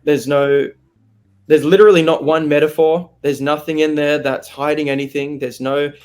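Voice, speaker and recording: A young man with an Australian accent, talking openly and with feeling in an interview, animated and laughing easily. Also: fairly high pitch, normal speed, soft background music. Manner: candid, animated, laughs often. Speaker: interviewee, singer. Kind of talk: open, emotional interview chat.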